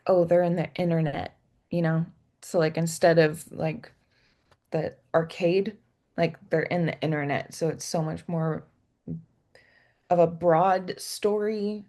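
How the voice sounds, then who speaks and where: A woman's voice: fairly low pitch, darkish tone. A young woman co-hosting a casual movie chat, bubbly and full of fillers. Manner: bubbly, lots of fillers and laughs. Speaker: co-host.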